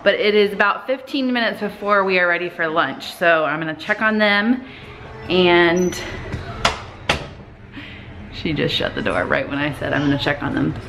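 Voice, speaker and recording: A woman in her thirties, a mother vlogging casually at home in a chatty, relaxed way. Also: on the low side, measured pace, long pauses, over music. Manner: chatty, relaxed, talks with fillers. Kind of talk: casual vlog talk to camera. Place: family home indoors. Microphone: camera. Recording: echoey room with noise.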